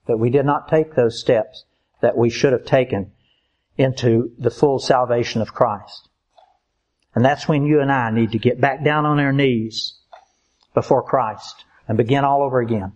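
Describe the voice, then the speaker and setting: A man preaching a sermon in an earnest, emphatic way, slowing down to stress key points. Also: mid-range voice, a little mellow, muffled recording.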